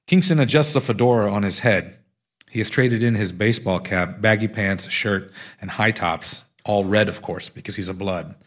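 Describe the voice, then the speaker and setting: Husky man reading his own memoir. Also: lowish voice, moderate pace. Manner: wry storytelling, steady narration. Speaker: author.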